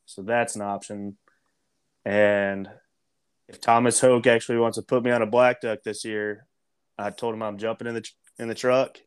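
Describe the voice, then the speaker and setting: A man's voice: lowish voice, level tone, moderate pace, smooth. A man hosting a casual podcast chat, easygoing and asking his guest questions.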